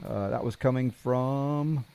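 A man's voice: mid-range voice, slow pace, vocal fry, mellow. A man hosting a talk show, asking questions in a casual, hesitant way full of fillers. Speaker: show host. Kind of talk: casual chat.

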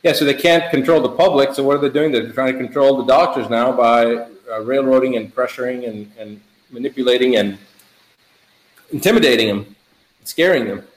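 Middle-aged male doctor guest, emphatic and animated, casual, roomy echo. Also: mid-range voice, brisk. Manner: animated, emphatic, repeats words in lists. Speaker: physician guest. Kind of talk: casual chat.

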